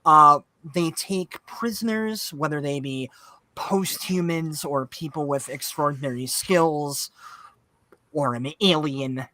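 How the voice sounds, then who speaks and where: Bright-voiced man hosting a game stream. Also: on the high side, slow, no echo. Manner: warm, joking, explains setting with many fillers. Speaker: game master. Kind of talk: casual livestream chat.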